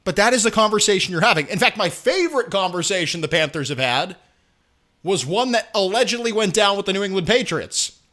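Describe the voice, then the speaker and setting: A man hosting sports talk, ranting with sarcastic energy. His voice sits high and sounds bright and forceful. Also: lively intonation, fairly quick. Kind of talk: opinionated sports commentary.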